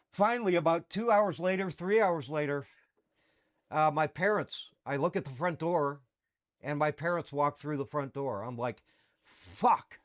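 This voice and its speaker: Candid middle-aged man, higher pitch. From Canada. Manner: candid, rambling with fillers and restarts. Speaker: podcast host. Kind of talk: personal storytelling.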